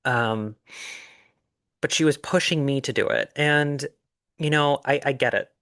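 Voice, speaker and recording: A middle-aged man telling his own story in an earnest, reflective way, with pauses and fillers. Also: medium pitch, fairly bright tone, clear, resonant tone, no echo, clean studio sound. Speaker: life coach sharing his story. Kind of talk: personal storytelling monologue.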